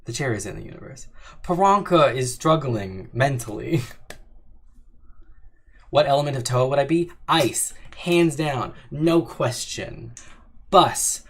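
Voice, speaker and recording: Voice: mid-range voice, lively intonation, measured pace, husky. A young adult livestream host in casual Q&A chat, reading questions and answering in a playful, jokey, teasing way with frequent laughs.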